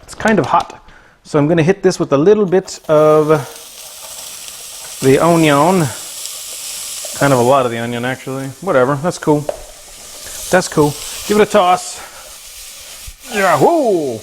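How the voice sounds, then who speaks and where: Speaking at a moderate pace with long pauses, a man with a slightly high voice hosts a casual home-kitchen cooking livestream. He's goofy, talking with his chat and his pets while he cooks, and a pan sizzles in the background. A little hiss or hum runs through the audio.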